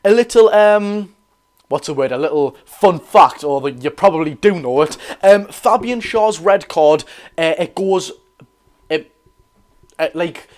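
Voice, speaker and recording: A young man with a Geordie accent hosting a live football watch-along, chatting excitably with viewers while chesty and coughing. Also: fairly high pitch, unhurried. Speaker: football fan channel host.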